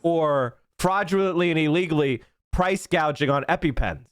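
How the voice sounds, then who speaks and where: A male political commentator from Pennsylvania ranting on a live stream, heated and profane, often breaking into shouts. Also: a little high, normal speed, clean tone, no echo.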